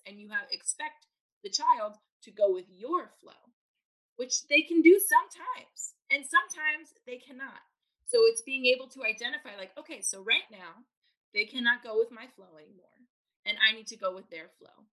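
A woman's voice: a little high, moderate pace, poor audio. A woman parenting coach explaining ideas in a podcast interview, acting out what parents think and say. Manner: animated, acts out parents' inner voices.

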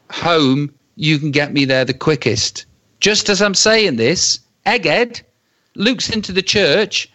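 A man telling a comic story with dramatic pauses and acted-out quotes. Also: on the high side, a bit bright, muffled recording.

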